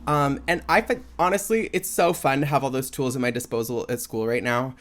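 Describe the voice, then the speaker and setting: Young male podcast host, mid-pitched, loose rambling delivery with constant fillers. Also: fairly quick, a bit bright. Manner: chatty, rambling, many "like" and "um" fillers. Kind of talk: casual solo podcast chat.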